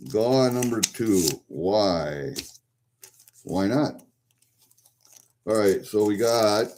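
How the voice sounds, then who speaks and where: A man's voice: fairly low pitch, mellow. A man talking casually to himself as he opens packages, muttering and rambling as he goes. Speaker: vlogger opening packages. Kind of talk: casual unboxing commentary.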